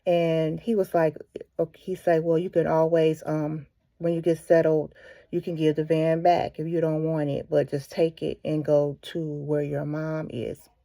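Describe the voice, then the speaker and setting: A woman's voice: sits low, little pitch movement, a little slow, gravelly, dark tone, dry recording. A woman speaking for a ministry, retelling a story casually with many fillers and restarts. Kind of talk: casual spoken devotional.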